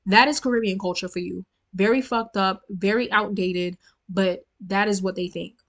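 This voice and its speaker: A young woman venting in a casual storytime vlog. She is blunt and profane, talks straight to her viewers as "y'all," and puts plenty of energy into her telling. Her voice sits at a middling pitch. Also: fairly even intonation, normal speed, fairly bright tone. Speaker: storytime vlogger.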